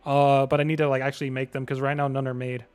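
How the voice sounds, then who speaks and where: A young man streaming a game live, chatting to viewers in slang and bursting into excited yells. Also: mid-range voice, fast, smooth, soft background music.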